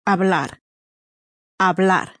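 A woman's voice: fairly low pitch, steady tone, slow, fairly bright tone, no room sound. A woman, a native speaker, modeling words for learners by saying each one twice. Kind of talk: slow clear repetition of words.

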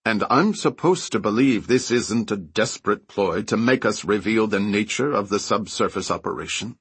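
A man voicing a stern, guarded male Chinese general in an audiobook, speaking in a measured, cool way. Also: fairly low pitch, lively intonation, fairly bright tone, breathy edge, no echo, full character voice. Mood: skeptical.

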